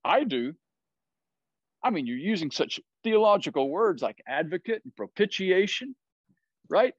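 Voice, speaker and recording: A man's voice: high-pitched, very animated, a little slow, husky, no echo, dull audio. A man with a Southern US accent teaching a Bible study, explaining words and often checking in with "right?".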